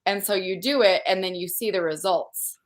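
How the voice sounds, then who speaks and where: A woman's voice: mid-range voice, normal speed. A woman hosting a livestream conference, chatting casually and effusively while reading out viewer comments. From Utah. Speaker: conference host.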